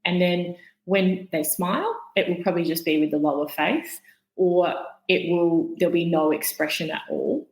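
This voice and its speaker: Woman, lowish voice, calm and explanatory, guest expert, roomy echo. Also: normal speed. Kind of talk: explanatory interview talk.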